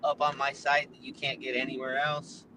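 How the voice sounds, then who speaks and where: A man's voice: mid-range voice, little pitch movement, normal speed, pushed and bright, slight background noise. A man guest on a phone call from his car while driving, chatting loosely about plants with lots of filler words. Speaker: seed breeder guest. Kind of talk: casual interview chat.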